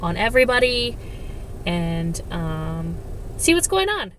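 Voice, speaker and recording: A woman giving a casual vlog update as a mother, talking softly and haltingly with many pauses, recorded on a handheld phone in a hospital room. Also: lowish voice, big pitch swings, distant mic, a little hiss or hum, poor audio. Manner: soft, hesitant, with many pauses and fillers.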